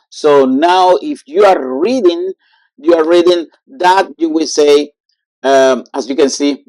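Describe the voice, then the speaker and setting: Slow, halting teacher. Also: medium pitch, lively intonation, a little mellow, no echo. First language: Spanish. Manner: halting, with many fillers, repeats words slowly for drilling. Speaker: Spanish teacher. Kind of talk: online language lesson.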